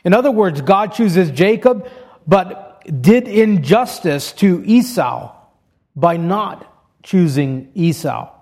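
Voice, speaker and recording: A man's voice: sits high, expressive, slow pace, a little mellow. A man preaching an expository sermon, reading scripture aloud and explaining it step by step in an earnest way.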